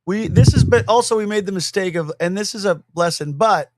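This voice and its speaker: A man's voice: high-pitched, brisk, no echo, clean studio sound. A man co-hosting a podcast in casual chat, acting out quotes as he tells stories. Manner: animated storytelling, acting out quotes. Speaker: podcast co-host and shop owner.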